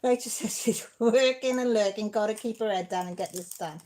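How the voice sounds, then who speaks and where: A woman's voice: medium pitch, a little fast. A woman hosting a casual live-stream craft chat from home, chatty and emotional, close to tears as she thanks viewers. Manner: chatty, warm-hearted, emotional and teary. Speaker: craft channel host.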